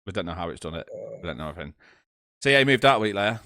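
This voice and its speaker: A young man with a very deep voice that swings widely up and down. He tells his story in a casual, animated way, swears freely and bursts into loud laughs. The sound is close and dry. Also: very fast, no echo. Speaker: podcast co-host.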